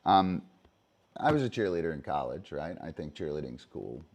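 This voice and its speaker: With a bass voice and a darkish tone, this show host speaks at normal speed with big swings in pitch. He's a disc dog trainer running a livestream, explaining casually, swearing, and leaning on fillers and "right?" tag questions.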